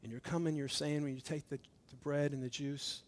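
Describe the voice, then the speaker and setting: During a communion sermon, a middle-aged male preacher speaks briskly in a fairly high, steady voice. He moves between loud, emphatic passages and hushed, intimate ones, performing dialogue as the story unfolds.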